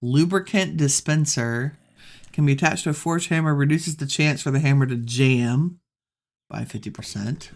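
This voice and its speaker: A woman giving relaxed gameplay commentary, musing to herself as she plays. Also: low voice, normal speed. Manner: musing, talks to herself while playing. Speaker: gameplay streamer.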